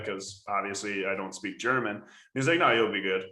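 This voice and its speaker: An American man co-hosting a podcast, telling a story in a casual, animated way with laughs. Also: lowish voice, a little fast. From United States. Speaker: podcast co-host. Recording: roomy echo.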